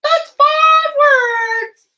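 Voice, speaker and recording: Woman doing a squeaky excited little owl. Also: very slow, full character voice. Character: cheerful little owl helper. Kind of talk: children's lesson puppet voice.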